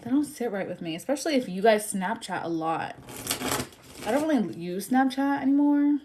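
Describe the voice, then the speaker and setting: A woman's voice: on the high side, expressive, moderate pace, noisy background. Chatty woman giving a blunt tarot reading. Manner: chatty, blunt, apologetic about bad news. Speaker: tarot reader. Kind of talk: casual livestream reading.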